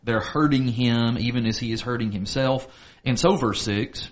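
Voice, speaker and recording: A man's voice: mid-range voice, normal speed, hardly any pauses, highs cut off. A man co-hosting a casual Bible study talk, reading scripture aloud and explaining it earnestly. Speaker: podcast co-host, Bible teacher.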